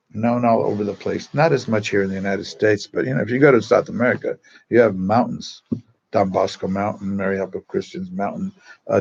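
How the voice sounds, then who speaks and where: A man's voice: fairly low pitch, vocal fry, a little mellow, husky, highs cut off. A man, a Catholic priest, telling stories to a parish group in a chatty, digressive way with many asides, speaking in a church. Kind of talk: casual storytelling talk to a parish group.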